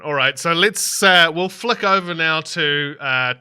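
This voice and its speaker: A man's voice: a little high, unhurried, bright, forceful tone, clean tone. A man narrating a tabletop game as dungeon master.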